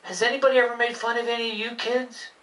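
Brief: bright, bouncy puppet dog boy, kind and excitable, voiced by a woman, roomy and from a distance. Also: fairly high pitch, fast talker, pitched above the performer's own voice, natural voice. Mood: hurt. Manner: bouncy, exclaiming, talks to the kids. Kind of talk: live puppet show.

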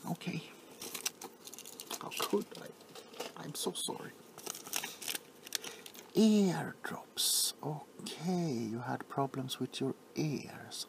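A man playing an overly attached, sentimental pharmacist in a whispered role-play, softly fussing and apologizing. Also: a little high, gravelly, slight background noise, full character voice.

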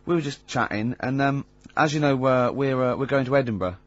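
A man's voice: mid-range voice, a little fast, dry recording. An English man hosting a radio show, telling stories with chatty fillers and frequent laughter. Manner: chatty storyteller, laughs often, hesitant fillers. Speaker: radio host. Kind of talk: casual radio banter. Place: radio studio. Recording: slightly dull radio broadcast.

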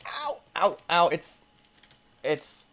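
A man giving excitable let's play commentary, yelping and squealing as things go wrong and talking to the characters on screen. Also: on the high side, drawn-out words, heavy background noise. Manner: playful, talks to the game characters. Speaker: gaming YouTuber.

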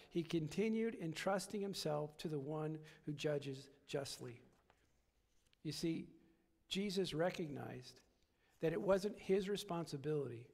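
A man's voice: fairly high pitch, lively intonation, a little slow, creaky, darkish tone, long reverb tail. A man preaching a sermon as pastor, repeating phrases and building to emphatic peaks. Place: church sanctuary.

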